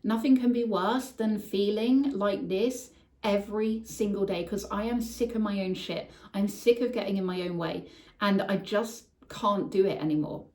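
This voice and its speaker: A woman's voice: medium pitch, normal speed, darkish tone. A woman speaks candidly about a hard time in her life, her voice open and emotional, with casual swearing. She sounds a little distant from the microphone in an echoey room. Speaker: podcast host telling her story. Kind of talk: personal storytelling monologue. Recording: echoey room, voice somewhat far from mic.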